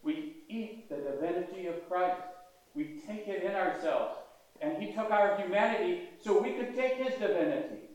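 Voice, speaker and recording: Older male priest, fairly high voice, folksy sermon, big echoing church, mic at a distance. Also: normal speed, a little mellow. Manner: conversational preaching with questions to the congregation. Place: large church. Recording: echoey church heard from a distance.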